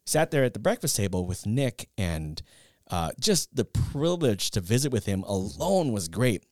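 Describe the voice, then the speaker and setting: Animated man telling stories, dry studio sound. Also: lowish voice, normal speed, no echo. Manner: animated storyteller, laughs at his own anecdotes. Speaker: podcast co-host. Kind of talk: casual chat.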